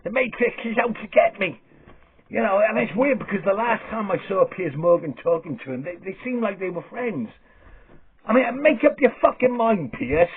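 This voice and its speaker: A man's voice: sits high, very animated, moderate pace, slightly rough. A middle-aged man hosting a satirical vlog, ranting with exasperation, swearing and stammering. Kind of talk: comic rant. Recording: lo-fi phone-like sound.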